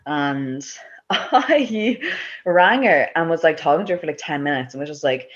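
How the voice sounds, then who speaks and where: A woman's voice: low voice, lively intonation, unhurried. Irish girl in her 20s, chatty, says like a lot, laughs easy, slightly muffled audio. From Ireland. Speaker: guest. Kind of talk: casual personal storytelling.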